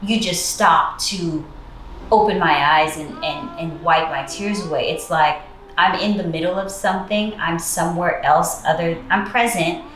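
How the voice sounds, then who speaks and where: A woman telling a personal story in casual chat, relaxed and full of fillers. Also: on the low side, moderate pace, reverberant, a little hiss or hum. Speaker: co-host.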